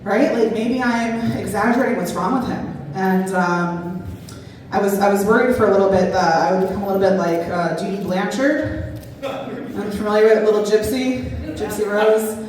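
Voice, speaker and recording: A woman's voice: medium pitch, moderate pace, far from the mic. A woman doing a stand-up comedy set on a brewery stage, rambling and self-deprecating with many fillers. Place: brewery stage at a live show. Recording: echoey hall, mic heard from afar, loud crowd. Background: audience laughter.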